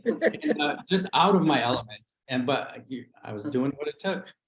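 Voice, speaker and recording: A man's voice: medium pitch, normal speed, reverberant, crowd noise, rough recording. Candid middle-aged man telling his story. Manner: candid, animated storytelling with acted-out quotes. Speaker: real estate agent. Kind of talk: livestream interview storytelling.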